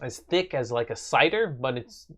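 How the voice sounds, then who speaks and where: A man's voice: medium pitch, animated, normal speed, fairly bright tone. A young man hosting a casual live stream from his apartment, chatting with viewers in a rambling way with many fillers.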